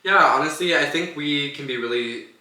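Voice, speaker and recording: A man's voice: on the high side, normal speed, bright, forceful tone, reverberant, far from the mic. A young man co-hosting a podcast in casual chat, talking loosely with lots of "like" fillers and laughing often. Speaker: podcast co-host.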